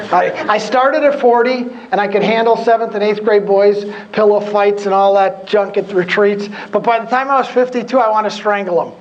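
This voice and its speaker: A man's voice: sits high, muffled recording, a little hiss or hum. A man in his fifties giving a humorous workshop talk to a career group, telling stories and acting out his own past conversations. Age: 50s. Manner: animated storyteller who acts out his own past dialogue. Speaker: guest speaker at a career group.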